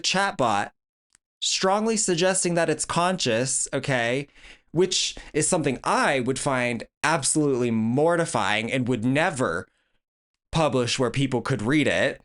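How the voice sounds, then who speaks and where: A man's voice: mid-range voice, fairly bright tone. A man hosting a commentary video, blunt and sarcastic, mocking his subject as he reads and reacts. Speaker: video essay host. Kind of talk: commentary vlog.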